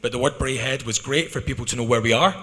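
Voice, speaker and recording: A Scottish man from a club's management team answering fans' questions in an arena, lively and quick with frequent restarts. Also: mid-range voice. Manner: animated, talks fast with restarts. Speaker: club management speaking at a fan Q&A. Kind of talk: candid spoken answers to fans. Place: arena hall. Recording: long arena reverb.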